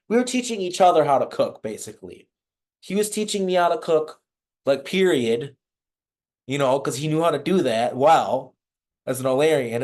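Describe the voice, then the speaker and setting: A man's voice: a little high, darkish tone. A man, a podcast guest, telling a personal story in a loose, casual way, swearing freely and filling with "like" and "um". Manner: loose and profane, many fillers and restarts.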